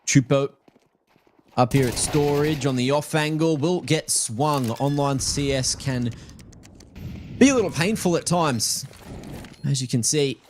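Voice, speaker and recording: A man's voice: mid-range voice, unhurried, pauses often, slight background noise. A man casting a live esports match with play-by-play and playful, teasing asides. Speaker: esports caster.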